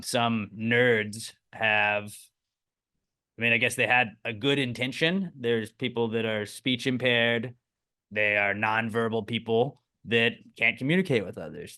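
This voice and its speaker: A man co-hosting a podcast in casual chat, animated and swearing freely. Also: lowish voice. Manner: animated, swears often, voices people mid-story. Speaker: podcast co-host.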